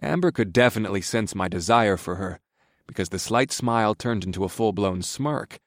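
A man narrating a first-person romance audiobook in a steady, low-key way. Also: normal speed, no echo, studio quality.

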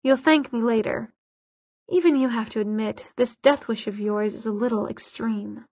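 A woman's voice: fairly high pitch, normal speed, no room sound. Woman reading as sardonic young villain. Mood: mocking. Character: mocking cold young man, smooth villain. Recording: dull lo-fi audiobook recording.

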